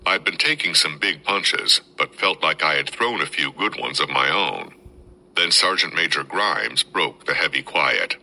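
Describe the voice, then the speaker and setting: A man, a podcast host, reading a first-person military memoir aloud in steady storytelling. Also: a bass voice, unhurried, poor audio.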